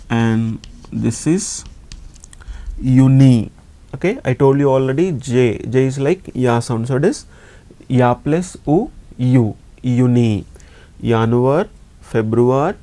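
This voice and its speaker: A man teaching a class, slow and patient, saying each word several times over. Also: medium pitch, warm tone. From India. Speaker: language teacher.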